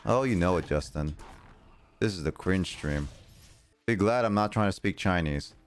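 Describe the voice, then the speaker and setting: A man's voice: low voice, normal speed, soft background music. A man chatting casually with his viewers while playing a game on a livestream, rambling and reacting as he goes. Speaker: streamer. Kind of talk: casual gameplay livestream chat.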